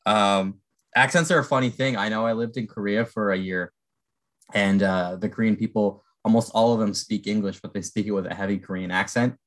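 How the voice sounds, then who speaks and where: A man's voice: on the low side, steady tone, fairly quick. A man from Canada hosting a casual interview, friendly and rambling, often making fun of himself. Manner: friendly, rambling, self-deprecating.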